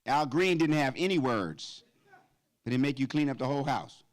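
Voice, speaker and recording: A man in his fifties performing a stand-up comedy routine at a gala, animated and breaking into high falsetto song snippets. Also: moderate pace. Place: event stage before a live audience.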